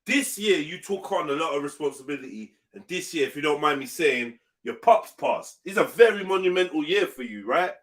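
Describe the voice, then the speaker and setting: A man's voice: fairly high pitch, animated, brisk, few pauses. A man hosting a live online panel show, hyping the audience and teasing his guests in casual banter. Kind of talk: casual live-stream chat.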